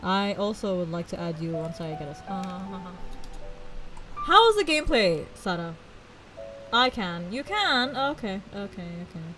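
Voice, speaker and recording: A young woman streams a game and chats casually with viewers, filling her sentences with "like" and breaking into giggles. Her voice sits at an ordinary middle pitch, with faint music behind her. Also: animated, normal speed, sharp tone, low-quality recording. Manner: chatty and giggly, many "like"s.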